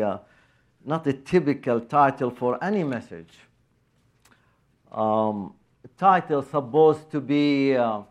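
A man preaching a sermon in a slow, halting way with many pauses and fillers, his phrasing a little non-native. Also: medium pitch.

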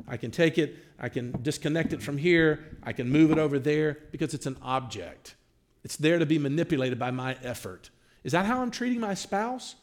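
Male pastor, teaching a class. Animated delivery, lively and on the high side. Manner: animated, acts out quoted dialogue.

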